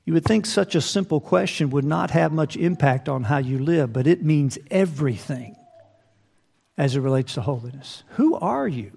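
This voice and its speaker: A man's voice: on the high side, normal speed, vocal fry, darkish tone, slightly rough. A man preaching a sermon, reading scripture aloud and asking the listeners rhetorical questions. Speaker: pastor.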